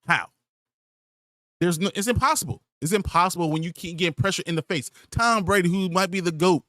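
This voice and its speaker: Exasperated podcast host, high and lively, swearing rant, dry sound. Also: male voice, no room sound. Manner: exasperated, profane ranting. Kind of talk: ranting sports podcast.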